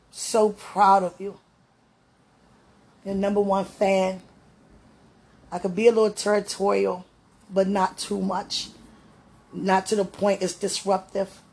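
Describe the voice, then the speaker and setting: A woman giving a fervent, emotional prayer and encouragement talk in a gravelly, sometimes hoarse voice, recorded at home. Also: lowish voice, darkish tone. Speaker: spiritual vlogger.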